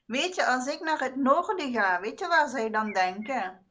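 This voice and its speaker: A woman's voice: sits high, animated, normal speed, sharp tone. A woman from the Netherlands, chatting casually in Dutch and insisting on her point during a game stream. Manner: insistent, protests and disagrees.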